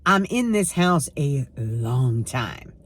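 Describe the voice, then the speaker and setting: A woman's voice: rumbling low, sing-song, slow pace, slightly rough. A woman in her sixties chatting casually to camera at home, sarcastic and emphatic as she tells stories. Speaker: lifestyle vlogger.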